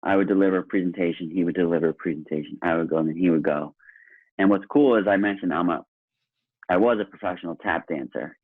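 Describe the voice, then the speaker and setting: An earnest, enthusiastic man talking casually on a podcast, his voice deep and a little husky. The sound is thin and phone-like, and very dry. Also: fast, no echo. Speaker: guest. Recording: tinny phone-line sound.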